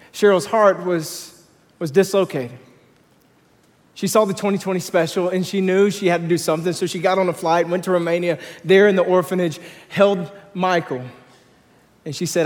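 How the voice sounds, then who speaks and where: Male pastor, sermon, somewhat high voice, animated storytelling, repeats words, echoing sanctuary. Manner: animated storytelling, rising in pitch and volume at climaxes, repeats words. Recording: long reverb of a large hall.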